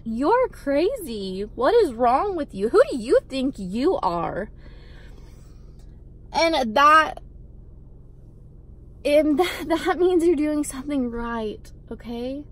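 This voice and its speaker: A young woman with a high voice talks straight to camera as a vlogger, giving a blunt motivational pep talk. She hammers her points home through repetition and swears casually. She is recorded outdoors.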